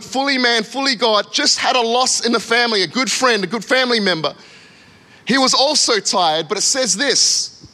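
A man's voice: sits high, sharp tone. A man preaching a sermon as a pastor, with frequent "come on" interjections and acted-out quotes. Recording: long hall reverb.

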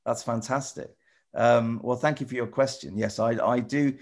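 A man presenter chatting with children in a casual video call, rambling and restarting often, gentle and encouraging. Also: medium pitch, fairly even intonation, normal speed. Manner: rambling, stop-start, many repeated "you know". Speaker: TV presenter answering children's questions.

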